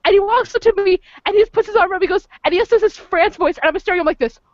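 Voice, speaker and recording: A woman hosting a casual stream chat and telling excitable, laughing stories. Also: very high-pitched, no room sound. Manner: excitable, storytelling, quick laughs. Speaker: host. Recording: dull lo-fi stream audio.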